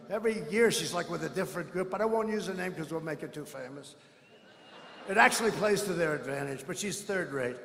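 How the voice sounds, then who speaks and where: A man's voice: sits high, fairly bright tone, slight background noise. Boastful man rambling through an echoing arena. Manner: boastful, rambling, mocking asides. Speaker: politician at a rally. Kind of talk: campaign rally speech. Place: large indoor arena. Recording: echoey arena with long reverb.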